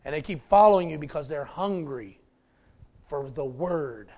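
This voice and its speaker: A male pastor preaching a folksy, animated sermon with asides to the congregation. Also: a little high, moderate pace.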